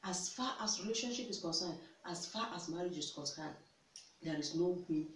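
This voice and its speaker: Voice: mid-range voice, lively intonation, normal speed. A vlogger lays out relationship advice in an instructive, emphatic way, hammering key words again and again and throwing out rhetorical questions. The voice sits back from the microphone in a reverberant room. A faint hiss runs underneath. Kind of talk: instructive counseling talk. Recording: echoey room, distant mic, faint hiss.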